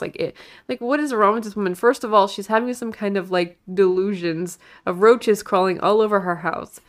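A woman's voice: medium pitch, fairly even intonation, moderate pace. Exasperated woman podcast co-host. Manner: exasperated, blunt. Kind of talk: casual movie recap chat.

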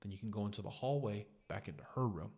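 A man's voice: fairly low pitch, fast talker, mellow, slightly rough. A young man hosting a podcast, telling a story in a casual, profane way and saying "dude" a lot. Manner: profane, laid-back, says "dude" a lot. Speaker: podcast host.

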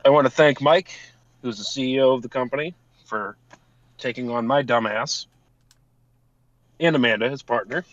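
A male podcast co-host reads out thank-yous in casual chat, swearing offhandedly. His voice is medium-pitched at normal speed with long pauses. The lo-fi mic sounds dull and dry, with no room sound.

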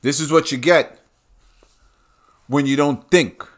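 A man's voice: a little high, slow. A man delivering a heated, profane and repetitive ranting monologue.

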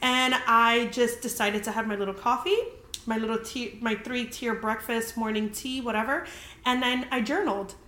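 A woman's voice: a little high, fairly even intonation, moderate pace, sharp tone, slight background noise. A young woman casually telling a story as a podcast host, chatty and full of "like", swearing freely. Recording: roomy echoey room.

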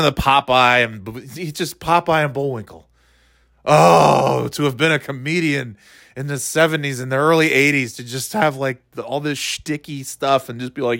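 A man, talking in a rambling, profane, animated way, dropping into quick impressions. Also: medium pitch, dry recording, clean studio sound. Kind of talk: casual comedic monologue.

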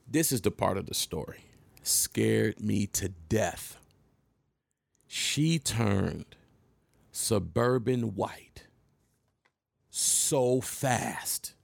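A middle-aged man from Michigan telling a personal story in a casual monologue, animated and emphatic, acting out the scenes. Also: fairly low pitch, takes it slowly, creaky, long pauses, dry recording.

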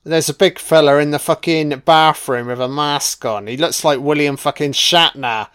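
A man's voice: fairly high pitch, moderate pace, fairly bright tone, clean tone. Sarcastic, sweary man. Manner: sarcastic and sweary, mocking the film as it plays. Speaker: film commentator. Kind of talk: profane audio film commentary.

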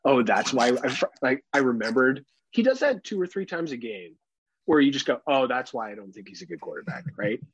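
A young adult man co-hosting a casual podcast, telling animated stories and swearing freely. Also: medium pitch, brisk, breathy edge, dry recording, muffled recording. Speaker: podcast co-host.

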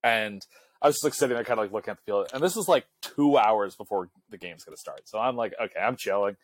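A man's voice: fairly low pitch, lively intonation, fast, dry recording. A young man, a college student, co-hosting a casual chat and telling a rambling story full of "like" and filler words. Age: young adult. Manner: rambling, heavy use of filler "like". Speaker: podcast co-host; college student section leader.

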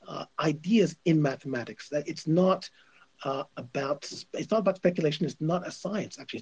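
A man's voice: fairly high pitch, vocal fry, darkish tone, slightly rough. A male radio host giving opinionated commentary, emphatic and insistent, repeating his points.

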